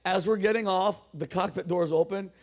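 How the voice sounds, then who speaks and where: A male comedian hosting a show, telling stories in a casual chat with loud, animated acted-out quotes. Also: high voice, brisk. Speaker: comedian host.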